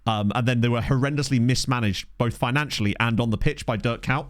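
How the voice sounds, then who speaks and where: A man streaming a football management game, chatting casually with his viewers and reacting excitedly to the match. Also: mid-range voice, a little fast, dry recording, studio quality. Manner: chatty, reads chat aloud, excitable reactions to match play. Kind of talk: casual live-stream chat with commentary. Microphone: desk microphone.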